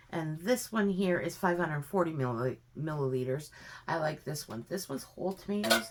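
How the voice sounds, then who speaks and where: A woman's voice: low-pitched, lively intonation, normal speed. A woman at home in her kitchen, giving a chatty, homey step-by-step cooking demonstration with plenty of fillers. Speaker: home cook vlogger.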